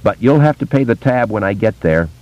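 A man's voice: on the low side, expressive, brisk, darkish tone, dry recording, voice pushed up, close to an everyday voice. A man voicing a shaken woman on the run from her husband, speaking hesitantly and nervously. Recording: dull lo-fi audiobook recording.

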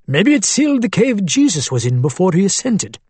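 A man's voice: sits high, big pitch swings, a little fast, a little mellow, breathy edge, no echo, pitched above the performer's own voice, full character voice. A man doing an old, jovial antiques dealer with an Arabic accent. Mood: jovial, bargaining. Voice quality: thick accent, hearty.

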